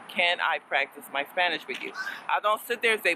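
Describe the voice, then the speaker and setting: Bright, chatty woman teaching beginners. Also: lowish voice, a little fast, slight background noise, poor audio. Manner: chatty and playful, laughs often, mixes in Spanish words. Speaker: language learner teaching Spanish. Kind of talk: casual vlog lesson.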